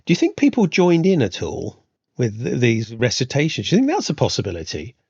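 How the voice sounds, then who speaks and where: A man's voice: medium pitch, huge pitch swings, brisk, darkish tone, slightly rough, no room sound. Musing male podcast host, dull sound. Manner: musing, rambling questions with "sort of" and "you know". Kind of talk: podcast interview.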